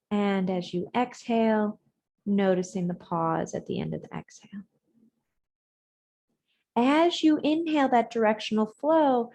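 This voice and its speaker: Woman gently guiding a breathing practice. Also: a little high. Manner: gentle, measured cues with soft trailing words. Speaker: yoga instructor. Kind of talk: guided breathing and yoga instruction. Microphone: video call.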